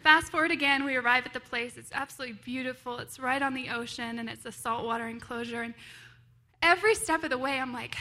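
A woman sharing a personal story during a church sermon, bubbly and quick to laugh, acting out the voices she quotes. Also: sits high, bright, forceful tone. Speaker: church member sharing a testimony.

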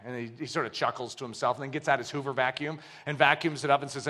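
A middle-aged man preaching a sermon, swinging between hushed asides and shouted exclamations. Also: fairly high pitch, quick pace, hardly any pauses.

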